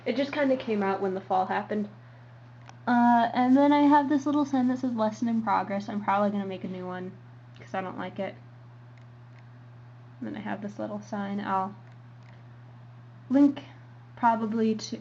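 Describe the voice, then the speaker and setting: A woman's voice: mid-range voice, fairly even intonation, moderate pace, long pauses, a little mellow. A young woman giving a casual show-and-tell tour as a vlogger, rambling with lots of ums and uhs. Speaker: model horse hobby vlogger. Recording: dull lo-fi home recording with faint hiss.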